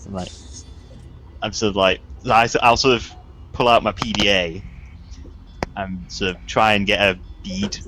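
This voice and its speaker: A man's voice: lowish voice, little pitch movement, a little slow, long pauses, sharp tone, slight background noise. A man playing a tabletop game, describing his actions in a hesitant, stammering way. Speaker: player. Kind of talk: tabletop role-play.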